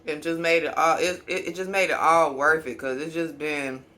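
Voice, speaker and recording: A woman who runs a small business, chatting candidly to camera while eating, with long pauses and fillers. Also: sits low, steady tone, bright, forceful tone, a little hiss or hum. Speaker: small business owner and vlogger. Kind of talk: casual mukbang chat to camera.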